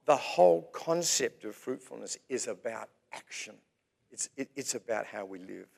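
A man preaching a sermon in a church as its pastor, speaking in measured phrases with pauses between them. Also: mid-range voice, expressive, gravelly, darkish tone, breathy edge.

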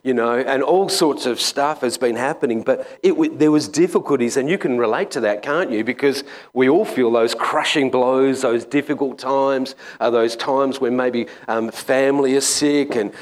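A man, a school chaplain, preaching a sermon in a conversational, halting way with many pauses and restarts. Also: mid-range voice. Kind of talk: sermon with personal story.

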